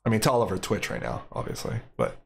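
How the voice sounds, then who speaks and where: A man's voice: on the low side, big pitch swings, fast talker, vocal fry, faint music behind. A man streaming live coding, thinking aloud in casual, upbeat commentary.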